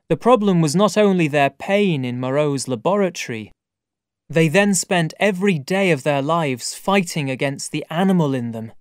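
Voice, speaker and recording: A male audiobook narrator reading in a measured, deliberate way. His voice sits a little high for a man, with a very unhurried pace and a smooth, resonant tone. The close studio recording is dry. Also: no room sound. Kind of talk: scripted narration.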